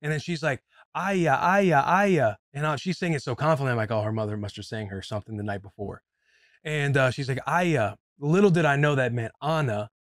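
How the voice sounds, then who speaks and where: A man in his thirties chatting casually on a podcast, telling stories about home life with a relaxed, ordinary-pitched voice. He drifts now and then into loose, off-key singing. The sound is close and dry, with no room around it. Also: fast, no echo. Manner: storytelling, breaks into off-key singing. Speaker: podcast co-host.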